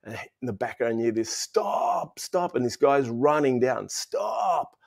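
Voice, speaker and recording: A man's voice: medium pitch, steady tone, brisk, darkish tone. A man in his fifties with an Australian accent, a guest in a casual interview, telling a personal story in a rambling way full of restarts and fillers. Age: 50s.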